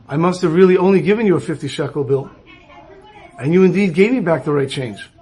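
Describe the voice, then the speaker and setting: A rabbi telling a story to listeners, acting out the dialogue of the people in it. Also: male voice, on the high side, brisk, slightly rough. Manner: animated storyteller who acts out dialogue. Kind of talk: storytelling talk.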